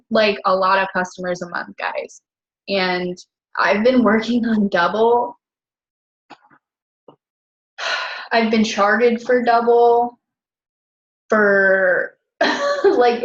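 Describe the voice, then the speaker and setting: A woman's voice: mid-range voice, husky, muffled recording. A woman talking casually about her business, chatty and full of fillers, often breaking into laughter. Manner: chatty, filler-heavy, self-correcting. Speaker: network marketer.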